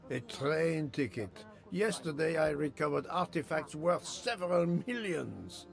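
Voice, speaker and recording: A fussy old detective from a mystery game speaks slowly in a gravelly, French-tinged voice. His pitch rises and falls in an animated way. Game music plays underneath. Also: full character voice. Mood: amused. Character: fussy famous Belgian detective, older man.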